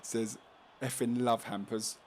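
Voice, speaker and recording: A London Cockney man runs casual live race commentary and a stream, chatting, joking and reading chat messages aloud between laps. His mid-range voice stays level and runs a little slow. A slight hiss or hum can be heard.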